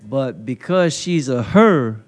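A man preaching a sermon at a conference into a handheld mic, building to loud emphatic call-and-response peaks with folksy, colloquial phrasing. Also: mid-range voice, lively intonation, slow pace. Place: conference hall.

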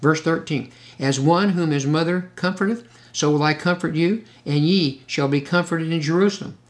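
A man preaching a sermon, reading scripture slowly and breaking in with questions and asides to his listeners. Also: a little high. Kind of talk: sermon, Bible teaching.

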